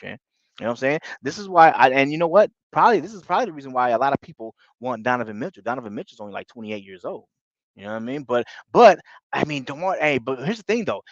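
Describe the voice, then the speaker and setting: A man hosting a casual basketball fan livestream, animated and excitable, often asking "you know what I'm saying" as he talks to viewers. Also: mid-range voice, no echo, highs cut off.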